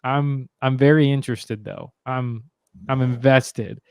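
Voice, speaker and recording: A man's voice: medium pitch, steady tone, measured pace, gravelly, clean tone, dry recording. Hesitant man thinking aloud. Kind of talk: casual chat.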